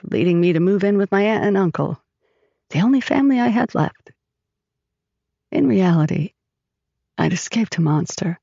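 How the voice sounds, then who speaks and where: A woman with a gravelly voice narrating a first-person audiobook in a measured, even way. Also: medium pitch, no room sound. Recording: dry, slightly dull recording.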